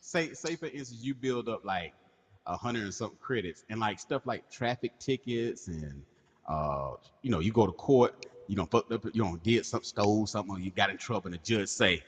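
A man's voice: lowish voice, a little fast, in a large hall, a little hiss or hum. A man co-hosting a podcast, trading crude jokes and spinning absurd hypotheticals with laughs. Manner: animated, laughing storyteller. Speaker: podcast co-host. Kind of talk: crude comedic banter.

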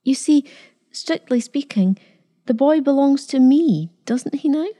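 A woman's voice: high-pitched, lively intonation, a little slow, dark tone, pitched above the performer's own voice. A woman doing a defiant old grandmother. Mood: pleading. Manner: defiant, pleading, trembling. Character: proud, fiercely loving old grandmother.

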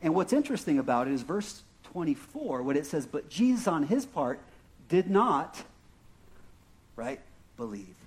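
A man with an Arizona accent delivers a sermon in a notably high speaking voice. He talks like he's chatting with friends, poking fun at himself and checking in with the listeners as he goes. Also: big pitch swings, moderate pace. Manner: conversational and self-deprecating, frequent "right?" and "okay?". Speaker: pastor.

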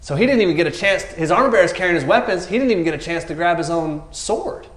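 A man's voice: high voice, fast, reverberant. A man preaching a casual, joking sermon, acting out the characters in raised voices. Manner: animated, jokey, acts out characters with raised voices.

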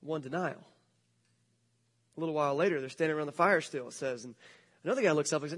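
A male pastor retelling a story to a church congregation, speaking in a casual, jokey, animated way. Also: sits high, fast talker. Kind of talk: sermon storytelling.

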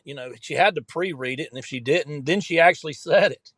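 A man in his late fifties talks politics casually, cracking jokes and laughing between halting restarts. His voice sits a little high, and the recording is close and dry with no room sound. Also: a bit bright, husky, no room sound. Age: 50s. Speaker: guest commentator.

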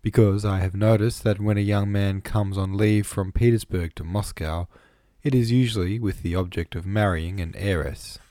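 A man's voice: fairly low pitch, fairly even intonation, moderate pace, few pauses, warm tone, no room sound, clean studio sound, close to an everyday voice. A man voicing a kindly, good-humoured young count in an audiobook, amused and conversational. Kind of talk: audiobook reading.

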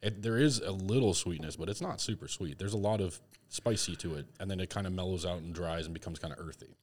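Deep-voiced man in casual chat. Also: fast. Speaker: podcast co-host.

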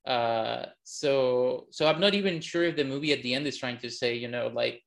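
A man's voice: mid-range voice, moderate pace, gravelly, hardly any pauses. A young man co-hosting a casual film review chat, rambling with frequent restarts. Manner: rambling, many restarts, laughs often. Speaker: film review podcast co-host.

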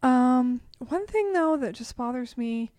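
A young woman co-hosting a podcast, chatting in a relaxed way and describing a movie. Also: sits high, takes it slowly, no room sound. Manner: relaxed, frequent backchannel "mm-hmm" and short agreeing replies. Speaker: podcast co-host. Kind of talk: casual chat.

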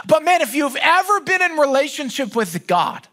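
Pastor, male, bright forward tone, chatty storyteller with jokes in the sermon. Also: very high voice, sing-song, moderate pace, hardly any pauses. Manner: conversational, joking storyteller.

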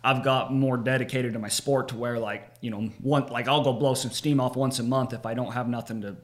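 A young man, a bull rider, chatting as a guest in a halting way, often repeating words as he starts. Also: mid-range voice, fairly even intonation. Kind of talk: casual interview chat.

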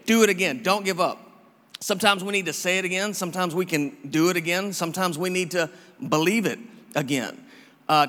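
A man's voice: fairly high pitch, a bit bright. A man preaching a casual, encouraging sermon full of repetition and restarts. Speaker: pastor. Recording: long hall reverb.

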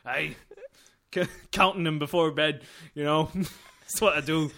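A man's voice: fairly high pitch, unhurried, bright, forceful tone, a little hiss or hum. A man voicing a crude, boastful Lancashire explorer in a put-on Lancashire accent, rambling and laughing through bawdy jokes.

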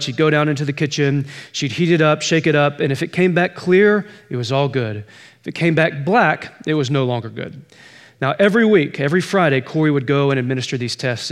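A man preaching as pastor, telling a story and pressing its point with emphatic repetition. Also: fairly high pitch. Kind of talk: sermon.

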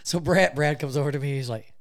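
A man telling a funny story in casual chat, animated and laughing often as he goes. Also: a little high, fast.

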